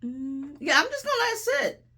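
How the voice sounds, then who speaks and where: A middle-aged woman with a slightly raised voice delivers Bible teaching as a host. She talks in an animated, conversational way, drops folksy asides and repeats phrases for emphasis. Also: high voice, brisk. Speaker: host and preacher. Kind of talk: sermon-style Bible teaching.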